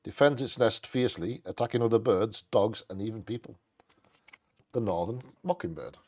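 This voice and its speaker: A man with a fairly low voice co-hosts a live bingo show. He reads bird facts aloud and drops quick, jokey asides in a relaxed, casual way. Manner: jokey, quick asides between read passages. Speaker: co-host of a live bingo stream.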